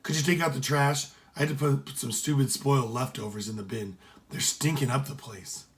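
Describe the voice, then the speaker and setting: A grumpy middle-aged dad, read by a man telling a story. He talks gruffly and complains. The voice stays close to the reader's own. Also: medium pitch, fairly even intonation, a little fast, close to an everyday voice. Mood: grumbling.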